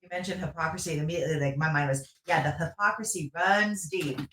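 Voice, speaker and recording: A panelist in a political discussion, speaking hesitantly with many pauses. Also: medium pitch, a bit bright. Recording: echoey room with faint noise.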